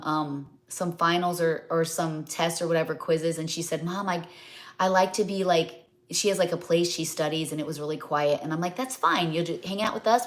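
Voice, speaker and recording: A middle-aged woman rambling in a chatty way as she hosts a live cooking stream. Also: lowish voice. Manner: chatty and rambling, many fillers and asides. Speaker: cookbook author hosting a live cooking stream. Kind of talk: casual live cooking chat.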